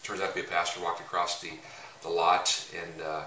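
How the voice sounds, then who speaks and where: A man's voice: sits low, little pitch movement, a little fast, sharp tone. A man giving a casual faith-based teaching talk, telling stories in a rambling way with many filler sounds. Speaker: evangelism ministry leader. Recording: roomy echo, mic at a distance, faint noise.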